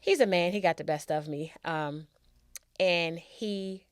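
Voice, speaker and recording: A woman sharing a personal story as a guest, halting and restarting, repeating herself for emphasis. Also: lowish voice, smooth, no room sound, clean studio sound.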